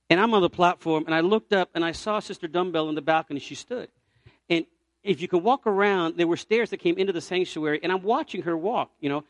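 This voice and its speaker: A man from Puerto Rico preaches with a high, lifted voice, telling a story from the pulpit. He moves from loud, ringing cries to soft, hushed lines. The sound is close and dry, with no room around it. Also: a little fast, dry recording. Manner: animated storyteller, swings from loud cries to near-whispers. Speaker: evangelist preacher. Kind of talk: storytelling sermon.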